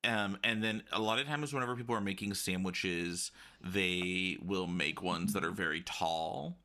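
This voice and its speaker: A man chatting casually about food, playful and animated, with exaggerated asides. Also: low-pitched, measured pace. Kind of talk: casual chat.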